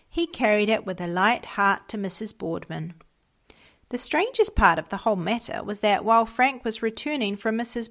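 Woman gently reading a storybook aloud. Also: fairly high pitch. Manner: gentle, measured storybook reading with voiced dialogue. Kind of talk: read-aloud moral story.

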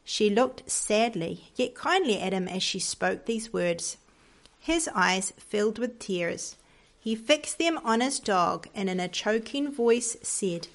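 Woman Christian teacher reading stories aloud; earnest, unhurried, touch of vocal fry. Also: mid-range voice, animated. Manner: earnest, slow storytelling with pauses. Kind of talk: devotional lesson and story reading.

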